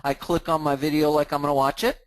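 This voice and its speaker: A man hosting a live training, talking casually as he clicks through software on his screen and restarting words now and then. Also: fairly high pitch, level tone, quick pace, dry recording, rough recording. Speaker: host of a mortgage training group.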